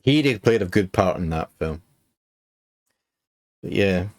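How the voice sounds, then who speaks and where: A man's voice: low voice, lively intonation, unhurried. A Glaswegian man streaming a game, chatting casually with his viewers and swearing now and then. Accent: Glaswegian Scottish. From Scotland. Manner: chatty, swears, talks to chat. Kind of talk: casual livestream chat.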